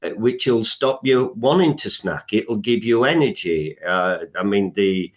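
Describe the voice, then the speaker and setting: A man's voice: fairly low pitch, lively intonation, measured pace, muffled recording. A man speaking as a health coach guest in a podcast interview, emphatic, listing things off, with frequent "uh" fillers.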